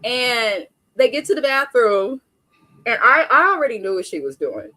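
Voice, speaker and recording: A woman's voice: fairly high pitch, very animated, moderate pace, bright, forceful tone, no echo. A young adult woman hosting a live stream, giving a casual, blunt recap of a reality show with frequent chatty asides.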